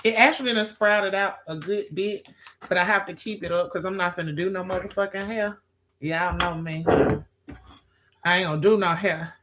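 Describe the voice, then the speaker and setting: A woman's voice: on the low side, steady tone, moderate pace, noisy background. A woman chatting with viewers on a live stream, sassy and profane, calling people girl, child and honey. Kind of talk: casual live-stream chat.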